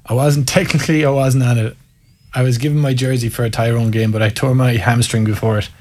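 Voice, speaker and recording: An Irish man in his thirties, a former footballer, telling self-mocking stories in a relaxed chat. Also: medium pitch, fairly quick. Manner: self-mocking, animated anecdotes with laughs. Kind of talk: casual storytelling.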